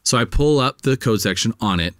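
A male podcast co-host retells a story in casual chat, getting worked up and swearing often in a heated, profane, animated way. His medium-pitched voice is fairly quick, with a dry, clean studio sound.

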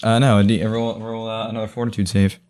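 A man's voice: fairly low pitch, little pitch movement, fast talker, darkish tone, slight background noise. A young man narrating as game master of a tabletop game, in a rambling, amused way with many restarts.

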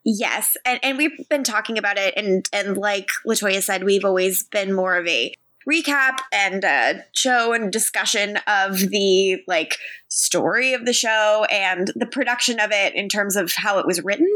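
A woman's voice: medium pitch, measured pace, pushed and bright, no echo. Chatty woman podcast co-host, dry sound. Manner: chatty, laughs often, reads chat logs aloud. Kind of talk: casual podcast chat.

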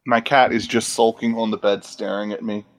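A man's voice: fairly low pitch, little pitch movement, normal speed, dry recording, studio quality. A tired man joking and laughing often as he chats while watching a show. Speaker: co-host of a watch-along.

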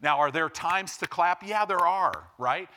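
A man preaching a sermon as pastor, building from quiet to loud and emphatic. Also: high-pitched, a little slow.

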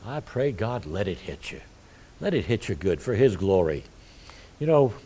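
A man's voice: medium pitch, darkish tone. A middle-aged male pastor preaching a sermon, with folksy asides between his points.

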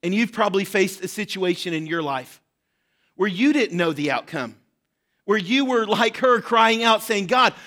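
A man's voice: sits high, animated, moderate pace, fairly bright tone. A man preaching a sermon, earnest and direct, often checking in with his listeners and voicing a widow's desperate pleas with rising urgency. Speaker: pastor.

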